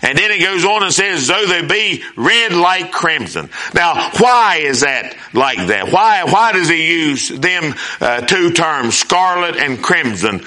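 A man's voice: on the high side, expressive, slow pace, hardly any pauses, pushed and bright. A man preaching a sermon as pastor, emphatic, rising and dropping with repeated phrases.

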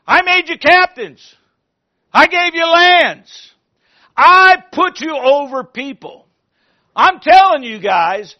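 A man's voice: high-pitched, a bit bright. A man voicing an enraged, sleepless, vengeful king, ranting and accusing his servants. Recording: muffled lo-fi recording.

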